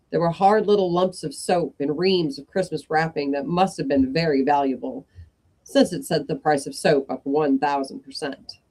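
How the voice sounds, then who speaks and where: A woman reading a comic story aloud in a measured storybook style. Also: low voice, a little mellow.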